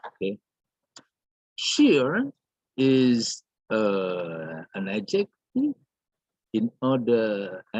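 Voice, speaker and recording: A man's voice: mid-range voice, darkish tone, breathy edge, dry recording, poor audio. A man teaching an English grammar lesson, calling on the class and repeating each example sentence with frequent hesitations.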